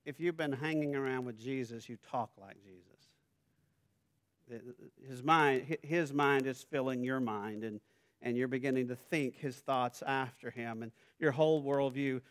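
A middle-aged man from Southern Arkansas with a Southern accent, preaching a sermon in a conversational way that builds to loud, emphatic passages. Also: medium pitch, steady tone, moderate pace. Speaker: pastor.

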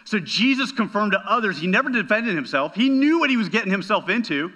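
A man's voice: high voice, very animated, quick pace, sharp tone. A man preaching a sermon as a pastor, emphatic, often checking in with "right?" and repeating words as he goes.

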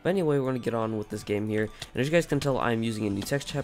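A man's voice: medium pitch, rapid-fire, darkish tone. A man casually commentating his own gameplay, rambling and chatty, with a groggy just-woken morning voice. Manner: rambling, chatty, frequent fillers. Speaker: gaming channel host.

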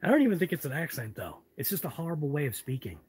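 Speaking very fast, the host of this channel carries a camera around a large hobby shop, chatting loosely, rambling and muttering to himself for a live walkthrough vlog. He drops his R's in a Boston-area Massachusetts accent. The voice is on the high side and darkish, with big pitch swings and a slightly rough edge.

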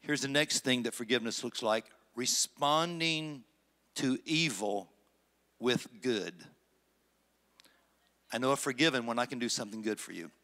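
A man preaching a sermon as pastor, swinging between loud emphatic stretches and low, conversational asides. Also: moderate pace, long pauses. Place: church sanctuary.

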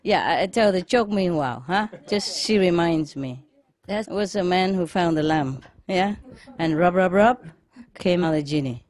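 A woman's voice: lowish voice, normal speed, a little mellow. A woman, a spiritual teacher chatting and telling jokes in a playful, teasing way. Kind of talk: casual chat and joke telling.

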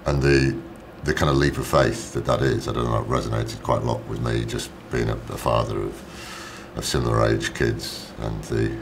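A man, an actor, answering interview questions, halting and often repeating words as he thinks aloud. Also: extremely low pitch, steady tone, a little hiss or hum. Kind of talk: press junket interview.

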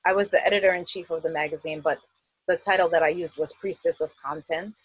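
Husky-voiced woman from Queens, chatty. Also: low-pitched, fairly even intonation, fast talker, no echo, low-quality recording. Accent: New York, Queens. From United States. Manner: chatty, laughs often, many fillers. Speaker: festival artist guest. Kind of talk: casual interview.

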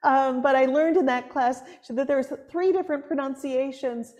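A woman's voice: high voice, normal speed, darkish tone. A woman from Buffalo, New York, with a Buffalo accent and a somewhat hard, nasal voice, giving a sermon and laughing often as she tells stories. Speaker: preacher.

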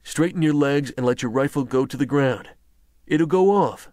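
Narrator voicing a steely young frontier gentleman, firm clipped orders, mid-pitched, dry booth sound. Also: normal speed, dry recording, close to an everyday voice. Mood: commanding. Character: determined young male frontiersman statesman, resolute.

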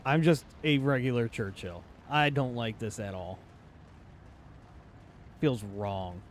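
A man's voice: medium pitch, slow, slight background noise. A man giving casual gameplay commentary, joking and talking to enemy tanks in silly put-on voices. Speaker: gaming channel host.

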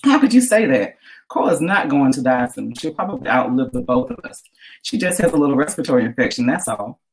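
A woman's voice: extremely low pitch, big pitch swings, a little fast, full character voice, low-quality recording. A woman reading aloud, voicing a devoted adult female cat owner who exclaims in a flustered way. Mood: defensive.

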